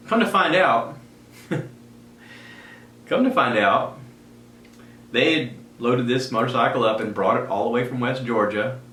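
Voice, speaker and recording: A man telling a personal story as a podcast host, animated and jumping into the voices of people in his tale. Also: medium pitch, unhurried, pauses often. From South Carolina. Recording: echoey room, faint ambience.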